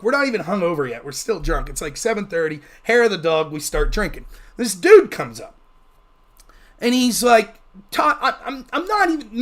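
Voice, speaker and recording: A man's voice: high voice, fairly bright tone. A man hosting a livestream and telling a long, rambling story in a casual, profane way. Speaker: livestream host.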